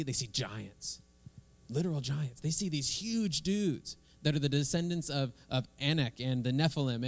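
A man, a pastor, leading prayer and preaching a sermon in a relaxed, conversational way. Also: mid-range voice.

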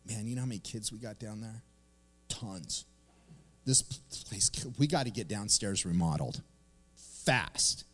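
A man's voice: on the low side, a little slow, pauses often. A middle-aged man preaching a casual, conversational sermon as a pastor, acting out little quoted lines as he talks. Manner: animated, conversational, acts out quotes. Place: church sanctuary. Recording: long reverb of a church hall.

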